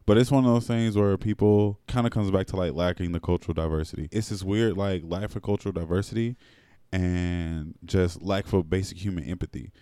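Host, young man, very low dark voice, blunt, laughs a lot, dry close sound. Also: steady tone, fairly quick, clean tone, no echo. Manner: laughs often, blunt and profane. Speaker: podcast host. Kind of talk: casual chat.

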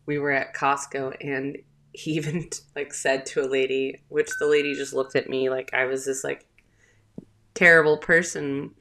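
Southern mom host, thirties, low slow chatty voice, gravelly fry, rambling storyteller. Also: female voice, little pitch movement, fairly bright tone. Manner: chatty, rambling, with filler words and laughs. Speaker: podcast host, mother. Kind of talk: casual storytelling.

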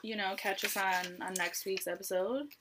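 A woman's voice: mid-range voice, fairly even intonation, moderate pace, noisy background. A young woman co-hosting a casual podcast chat, talkative, laughing often and restarting her sentences. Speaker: podcast co-host.

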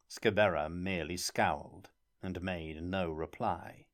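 A man narrating a fantasy audiobook in measured, even storytelling. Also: deep voice.

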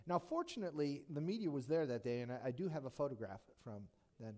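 This pastor talks fast, his voice fairly high, as he preaches a sermon built around a retold Bible story. He's animated and joking, leaning heavily on rhetorical questions.

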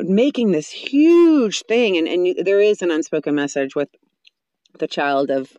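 Animated woman giving parenting advice. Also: deep voice, dry recording, highs cut off. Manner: animated, acts out parents and children in quick voices; frequent restarts and fillers. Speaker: parenting speaker. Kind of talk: casual advice monologue.

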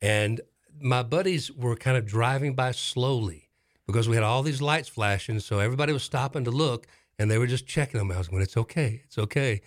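A medium-pitched middle-aged man, speaking briskly, hosts a talk show and narrates a dramatic episode. His style is casual and animated, with deliberate repetition of phrases.

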